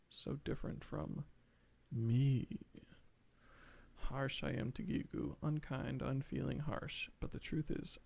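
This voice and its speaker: A man's voice: medium pitch, vocal fry, heavily acted. A man voicing a fretful, dramatic little kobold alchemist who repeats itself in strings of synonyms. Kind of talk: reading game dialogue aloud.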